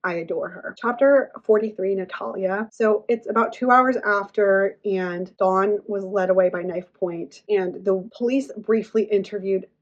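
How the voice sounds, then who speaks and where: A woman's voice: medium pitch, unhurried, hardly any pauses. Woman ranting about a book, chatty, swears a lot, muffled lo-fi mic. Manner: chatty, swears freely, laughs often. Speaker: book reviewer. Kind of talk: casual rant review, retelling a novel.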